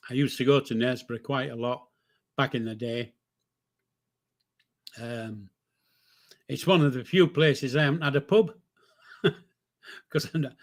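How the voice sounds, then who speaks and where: An older man from northern England, hosting a casual livestream, reading out chat and joking in a rambling, easygoing way. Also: medium pitch. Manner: chatty, rambling, jokey, with frequent fillers and self-corrections. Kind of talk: casual live-stream chat.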